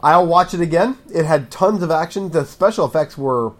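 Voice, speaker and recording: A man's voice: on the high side, moderate pace. A man co-hosting a casual movie review chat, agreeable and easygoing. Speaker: podcast co-host.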